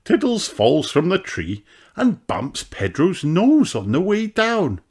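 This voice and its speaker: Slow, expressive man reading a storybook. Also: high-pitched, a little hiss or hum. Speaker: storybook reader. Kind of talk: children's read-aloud narration.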